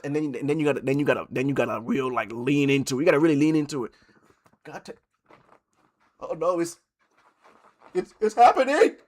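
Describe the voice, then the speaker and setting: On a live stream, a male streamer reads posts out loud and reacts bluntly, swearing freely and repeating himself for emphasis. His voice is a little high.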